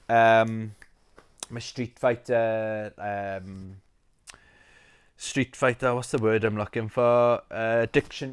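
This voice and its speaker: A man chatting casually about games he has collected, rambling and quick to get excited, with lots of fillers. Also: mid-range voice. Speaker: retro game collector. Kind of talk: casual video chat.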